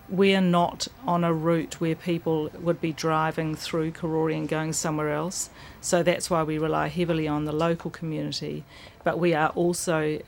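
A woman's voice: deep voice, vocal fry, a little hiss or hum. A woman, a bookshop owner talking enthusiastically about the books she sells. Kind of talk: recorded interview clip.

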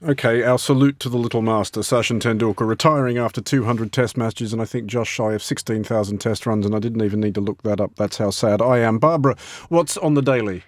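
A man's voice: on the low side, a little fast, hardly any pauses, no room sound, clean studio sound. A man from Australia hosting a radio show, wry and joking with his guests. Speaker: radio host. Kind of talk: studio radio chat. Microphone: studio microphone.

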